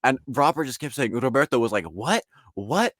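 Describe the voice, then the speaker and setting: Talking quickly at a medium pitch, a man guests on an interview podcast as an artist and the founder of a league. He's casual and animated, wandering off on tangents and voicing other people's quotes, all in echo-free studio sound.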